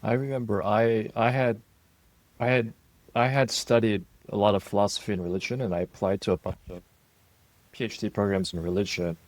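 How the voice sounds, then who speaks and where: Middle-aged guy cohost, kinda halting questions, lowish voice. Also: no echo. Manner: relaxed, slightly halting questions. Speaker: podcast co-host. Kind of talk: casual interview conversation.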